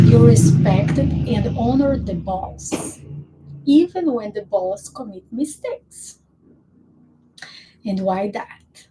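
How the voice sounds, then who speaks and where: Woman therapist, earnest explainer in a casual relationship talk, slow and unhurried delivery. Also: on the high side, mellow, slight background noise, poor audio.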